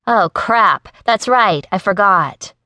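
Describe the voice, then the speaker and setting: A woman's voice: mid-range voice, expressive, slow, no room sound, voice pushed up. A woman voicing a cheerful, sassy young woman who teases her coworkers in an audiobook. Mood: cheerful teasing. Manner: bright, teasing, upbeat.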